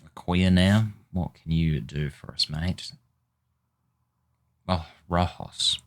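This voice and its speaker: A man with a low, deep voice talks through a football management game in an unhurried drawl. He grumbles, swears and mutters at his team in exasperation. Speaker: gaming YouTuber. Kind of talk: casual gameplay commentary.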